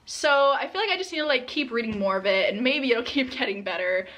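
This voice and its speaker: A bright, slightly high-pitched young woman talking to camera about her books. She gushes and giggles between sentences in a casual, chatty way. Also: expressive, brisk, lo-fi sound. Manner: gushing and giggly, often breaking into laughs and gasps. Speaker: book vlogger. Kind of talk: casual reading vlog chat.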